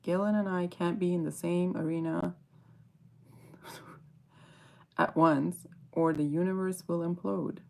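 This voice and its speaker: A woman's voice: lowish voice, fairly even intonation, slow, gravelly, pauses often, darkish tone. A woman hosting a casual fragrance livestream, reading viewer comments aloud and answering them as she chats.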